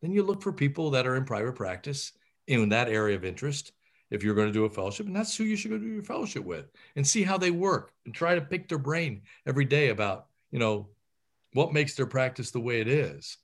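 A middle-aged male surgeon gives advice in an interview. His voice sits at an ordinary pitch. He talks with high energy, full of fillers and self-corrections. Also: a little fast. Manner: animated, energetic, with frequent fillers and restarts.

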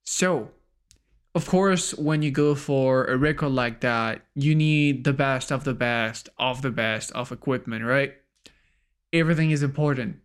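A man's voice: medium pitch, a little slow, smooth. Man, French accent, native French speaker, podcast co-host, casual, filler-heavy. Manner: casual, lots of fillers like "like" and "you know".

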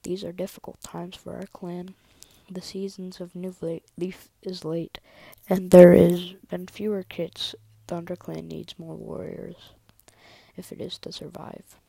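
A woman's voice: lowish voice, level tone, unhurried, gravelly, dark tone, slightly rough, dry recording, heavily acted, poor audio. A woman voicing an old, troubled she-cat clan leader in a whispered role-play.

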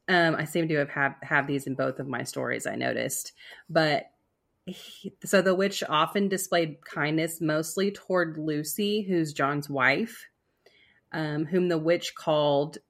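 A woman's voice: low-pitched, lively intonation, unhurried, a bit bright. A woman casually telling a spooky story on a podcast, rambling with fillers and restarts. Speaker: storyteller co-host.

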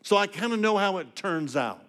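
An older man preaching a sermon, telling his story with emotion and swinging from hushed to emphatic. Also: sits high, lively intonation, moderate pace.

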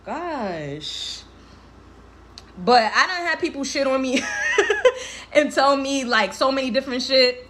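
In casual livestream talk, a tearful young woman in her twenties speaks frankly and emotionally, often laughing and swearing loosely in heavy slang. Her voice is on the high side, bright and forceful.

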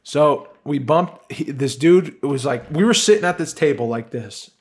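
A young man co-hosting a podcast, telling a story in a casual, animated way and laughing often. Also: a little high, moderate pace, husky. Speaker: podcast co-host. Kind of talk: casual chat.

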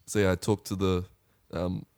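A man's voice: low-pitched, flat delivery, moderate pace, darkish tone, clear, resonant tone, no room sound, clean studio sound. A young man co-hosting a podcast, telling easygoing stories about his week. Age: young adult. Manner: laid-back, easygoing storytelling. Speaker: podcast co-host. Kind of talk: casual chat.

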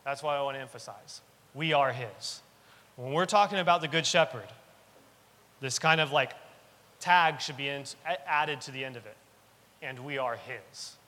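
A man's voice: medium pitch, moderate pace, pauses often, sharp tone. A man preaching a sermon in earnest, repeating key lines for emphasis. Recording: long reverb of a large hall.

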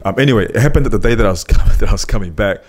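Deep-voiced new zealand man telling a story. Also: expressive, racing, breathy edge. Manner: storytelling, lots of "bro" and "um". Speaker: podcast host. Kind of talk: casual chat.

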